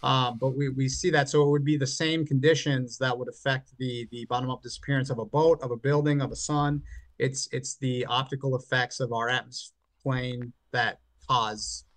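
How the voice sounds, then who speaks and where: A man arguing his side in an online debate, halting and often restarting his words. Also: mid-range voice, flat delivery, no echo. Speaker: flat earth debater.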